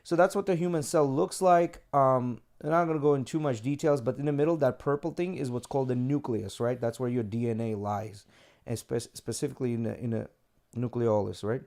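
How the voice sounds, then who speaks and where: A man's voice: mid-range voice, a little fast, darkish tone. Loose, swearing podcast co-host guy. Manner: loose, profane, explains things step by step. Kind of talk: casual podcast chat.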